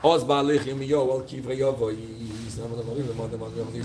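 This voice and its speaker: A man's voice: mid-range voice, completely flat delivery, racing, hardly any pauses, noisy background. A man, a rabbi, explaining liturgical poems, telling the story with feeling and voicing the figures' pleas.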